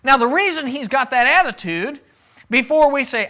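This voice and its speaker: Preaching in a conversational style, this male pastor has a very high, expressive voice that sounds bright and forceful at a normal speed. He poses questions to his listeners and acts out quotes.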